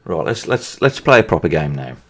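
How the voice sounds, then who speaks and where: A man's voice: rumbling low, very animated, brisk, a bit bright. A man who is a gaming YouTuber, chatting casually over his gameplay and repeatedly breaking into laughter. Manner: giggly, keeps breaking into laughter.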